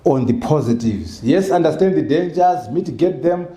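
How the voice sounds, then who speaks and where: A Zimbabwean man giving a loud, emphatic speech as an author at a book launch, driving points home with repeated rhetorical questions. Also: on the high side, lively intonation, normal speed. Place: event hall in Harare. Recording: echoey hall.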